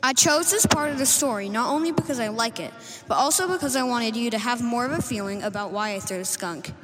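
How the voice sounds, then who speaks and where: A woman's voice: on the high side, fast, in a large hall, poor audio. A woman reading a book report aloud in an earnest, careful way, speaking as the book's hero. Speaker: student giving a book report in character.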